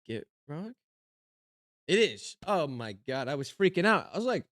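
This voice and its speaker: A male comedian working through viewer-submitted card decks, muttering and rambling to himself as he goes. His voice sits slightly high and sounds dry and close. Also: very animated, a little slow, fairly bright tone, dry recording. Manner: rambling, talks to himself while scanning cards. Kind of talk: casual comedic commentary.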